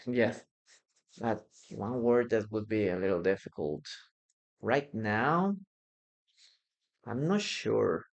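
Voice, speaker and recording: A teacher leads a live-streamed English lesson, slowly repeating each word and answering viewers. The delivery is patient and unhurried. The voice rings in a roomy, echoing space. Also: medium pitch, animated, creaky, highs cut off. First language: Spanish. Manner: repeats words slowly for pronunciation, reads out chat. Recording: roomy echo.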